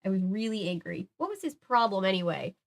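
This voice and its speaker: A young woman reading a children's horror book aloud in a casual, unhurried way, dropping in joking asides. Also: medium pitch, expressive, vocal fry. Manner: swears and jokes in casual asides.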